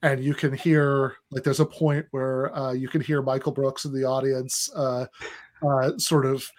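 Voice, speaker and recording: A man co-hosting a casual podcast, telling long stories in a rambling, hesitant way with many pauses. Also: medium pitch, flat delivery, a little mellow. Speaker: podcast co-host.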